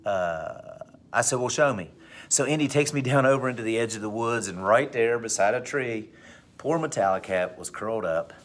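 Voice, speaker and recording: A male teacher with a middle-pitched voice tells a personal anecdote to his students. He rushes through some parts and slows down for others, leaning into the story with plenty of expression. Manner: animated anecdote with big swings in pitch and pace. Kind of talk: storytelling in class.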